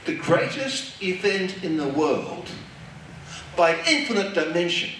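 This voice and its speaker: Slow, animated preacher in an echoey hall. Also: male voice, a little high, a little hiss or hum. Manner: emphatic, repetitive preaching cadence. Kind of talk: sermon. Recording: echoey hall, distant mic.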